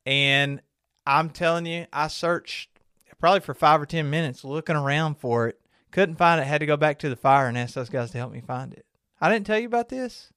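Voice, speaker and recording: Laid-back, slightly high-voiced male podcaster. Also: fairly quick, a bit bright, smooth, no echo, clean studio sound. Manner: rambling storyteller, laughs often. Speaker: podcast co-host. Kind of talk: casual chat.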